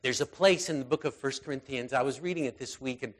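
A man preaching an informal sermon in a conversational way, full of fillers and restarts, moving between raised intensity and quiet, soft passages. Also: medium pitch, fast talker.

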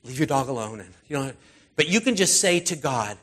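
A man's voice: mid-range voice, sing-song, brisk, fairly bright tone. A middle-aged male pastor giving a sermon in a loose, conversational way, with many fillers and restarts.

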